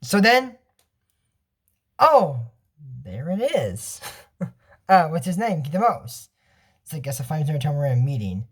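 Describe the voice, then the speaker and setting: Rambling, lively-voiced cartoon episode recapper. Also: mid-range voice, a little slow, long pauses, husky. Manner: rambling, chatty, often laughing and trailing off. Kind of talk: casual episode recap and commentary.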